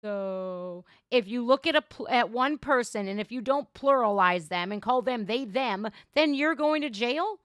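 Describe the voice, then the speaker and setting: A woman's voice: on the high side, a little slow, few pauses, no echo, studio quality. Blunt, ranting woman livestreamer. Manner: blunt, sarcastic, animated ranting. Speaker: livestream reaction host. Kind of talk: casual opinionated livestream talk.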